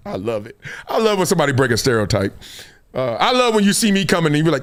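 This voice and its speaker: A man hosting a live sports show with a voice pitched a bit high that swoops up and down as he goes. He tells stories, laughs often and keeps things lively. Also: quick pace, gravelly. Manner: animated, laughing, storytelling. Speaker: host. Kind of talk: live sports talk stream.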